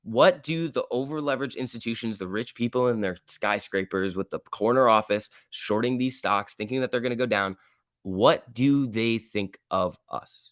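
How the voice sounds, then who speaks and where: A young man hosting a live stock-market stream, talking in an emphatic, excitable rant. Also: mid-range voice, normal speed, no echo, clean studio sound. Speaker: livestream host.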